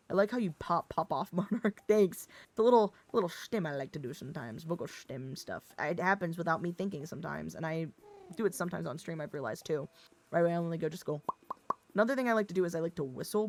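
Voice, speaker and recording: Low-voiced woman streamer, swearing, rambling. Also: a little hiss or hum. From Midwestern US. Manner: rambling, swearing, laughing often; expressive, slightly Valley Girl tinge. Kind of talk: casual livestream chat.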